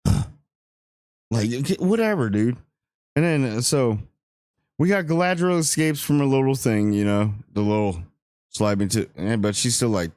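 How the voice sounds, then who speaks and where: A man giving a casual, rambling spoiler review of a TV episode, joking and acting out characters in quick asides. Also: medium pitch, a little mellow, dry recording, clean studio sound. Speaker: show reviewer.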